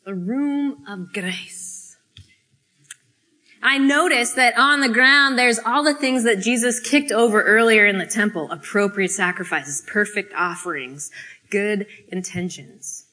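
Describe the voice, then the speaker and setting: Bright-voiced woman telling a dramatic sermon. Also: medium pitch. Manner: theatrical, expressive storytelling with pauses. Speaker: speaker at a student fellowship. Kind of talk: dramatic spoken-word sermon.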